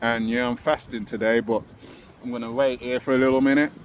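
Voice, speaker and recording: A man's voice: mid-range voice, steady tone, fairly quick, slight background noise. A young man hosting his own commentary channel, speaking impassioned and casual, firing rhetorical questions at his viewers.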